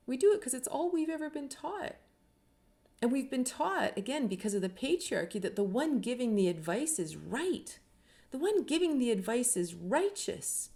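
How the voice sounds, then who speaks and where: Earnest woman with a mellow voice. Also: mid-range voice. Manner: earnest, uses many rhetorical questions and tags with "right?". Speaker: spiritual teacher and author. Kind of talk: reflective teaching talk.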